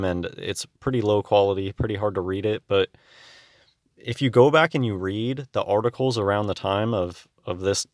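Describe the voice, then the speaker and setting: Low-voiced young man, casual musing. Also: no echo, studio quality. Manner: rambling, musing, reads old text aloud. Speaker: video host. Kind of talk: casual commentary on old clippings.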